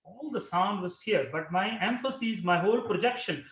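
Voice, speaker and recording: A man teaching breathing and throat-center chanting, giving calm explanations between long, projected chanted syllables. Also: high voice, moderate pace, hardly any pauses, echoey room. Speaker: yoga and meditation teacher. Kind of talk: guided breathing and chanting instruction.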